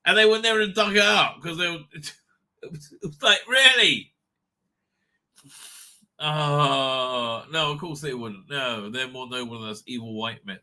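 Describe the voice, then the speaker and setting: A man's voice: on the high side, unhurried, long pauses, sharp tone. A man hosting a livestream, ranting with a lot of swearing and exasperation, and reading chat messages aloud. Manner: reads chat names and comments aloud. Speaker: livestream host.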